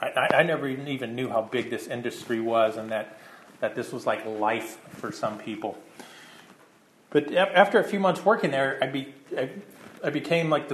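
A man's voice: medium pitch, a little hiss or hum. Middle-aged male pastor, casual storyteller with frequent restarts, echoey room. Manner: casual storytelling, many repeated words and restarts. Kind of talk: sermon with personal story.

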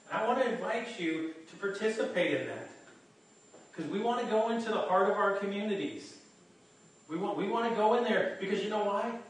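A male pastor preaching a sermon to his congregation in an animated way, often repeating words as he restarts. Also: sits high. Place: church hall. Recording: echoey hall from far off, faint noise.

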